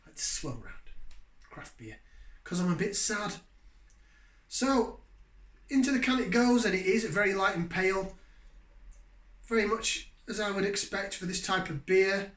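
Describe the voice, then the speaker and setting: A man's voice: high voice, animated, a little slow, long pauses, a bit bright. A man, hosting a casual beer review in a rambling, self-deprecating way. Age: 40s. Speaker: beer reviewer, channel host. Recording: echoey room.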